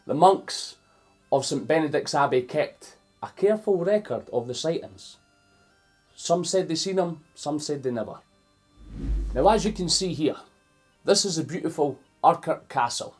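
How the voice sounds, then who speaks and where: A Scottish man tells a children's story with playful energy, pausing to explain words to the kids in front of him. His voice sits a bit high for a man and has a husky edge. Faint music plays behind him. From Scotland. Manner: animated and playful, stopping to explain words to young listeners. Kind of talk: reading a picture book aloud to children.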